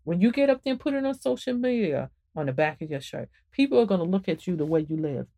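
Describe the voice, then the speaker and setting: Emphatic woman with a warm, low voice. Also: fast. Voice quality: emphatic and animated, swings up and down in pitch. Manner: addresses listeners directly, repeats phrases for emphasis. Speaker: podcast host and author. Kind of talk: preachy spiritual talk.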